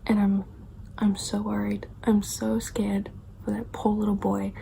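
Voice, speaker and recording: A young woman book vlogger talking casually and quietly, often dropping into a whisper. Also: medium pitch, completely flat delivery, unhurried, gravelly, slight background noise, rough recording. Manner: soft, hushed, often whispering. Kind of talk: casual reading vlog.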